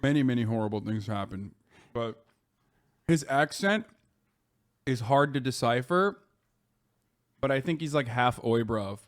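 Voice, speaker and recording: A man's voice: mid-range voice, unhurried, pauses often. A male streamer host chatting casually and offhandedly, with some swearing. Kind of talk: casual reaction chat.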